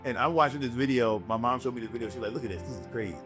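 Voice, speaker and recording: A man's voice: mid-range voice, rapid-fire, over music. A young man, a comedian hosting a casual podcast, telling profane stories with bursts of put-on voices. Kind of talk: casual storytelling chat.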